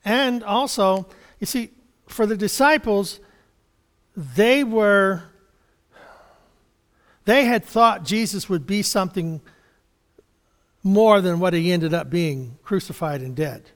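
Man preacher, higher voice, loose and halting sermon delivery with small chuckles and restarts, long reverb from a church hall. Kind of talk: sermon Bible study.

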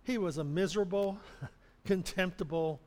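Preaching a sermon in a high, darkish voice at normal speed, a man retells a parable, acting out the characters' complaints and chuckling often. The long reverb of a hall is heard.

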